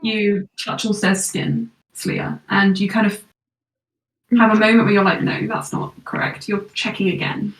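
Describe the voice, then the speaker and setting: A woman running a tabletop game, narrating scenes and calling rolls in a measured, descriptive way. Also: mid-range voice, little pitch movement. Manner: descriptive, measured narration with quick rules talk. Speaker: game master. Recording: echoey room, voice from far off.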